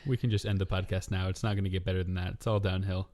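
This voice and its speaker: A male podcast host in casual book chat, teasing with dry humor and guiding the conversation with questions. His voice sits lower than most, recorded close and dry with no room sound. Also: level tone, fast, darkish tone, no echo.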